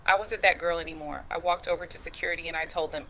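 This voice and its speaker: A woman with a slightly low voice tells her own story like she's talking to a friend. She speaks in a dialect flavor and drops in "girl" and "chile" as she goes. Her delivery is loose and conversational. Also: quick pace, few pauses, sharp tone, slight background noise. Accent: African American English. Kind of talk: first-person storytelling.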